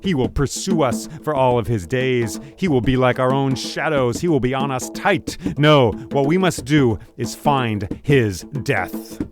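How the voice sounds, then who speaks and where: A man's voice: medium pitch, expressive, a little slow, few pauses, over music, lightly acted. A man voicing a fierce young warrior queen in a spoken folktale, urgent and pleading.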